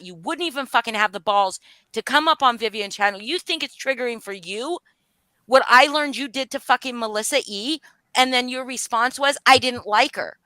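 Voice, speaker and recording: Angry bright-voiced woman calling someone out. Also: fairly high pitch, dry recording. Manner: angry, profane, voice rising and falling. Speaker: livestream guest speaking out. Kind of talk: emotional live-stream confrontation.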